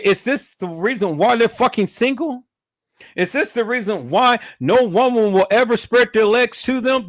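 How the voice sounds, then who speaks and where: A man's voice: very high voice, fairly bright tone, dry recording, clean studio sound. A man ranting on a live stream, swearing heavily and stumbling over repeated words as he gets heated. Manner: profane, repeats words and restarts when worked up. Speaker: livestreamer.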